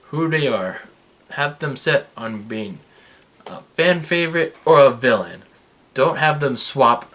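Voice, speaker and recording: Excitable young man recapping wrestling. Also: on the high side. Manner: excitable, sarcastic, fluctuating energy. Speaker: wrestling review vlogger. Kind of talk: casual recap commentary.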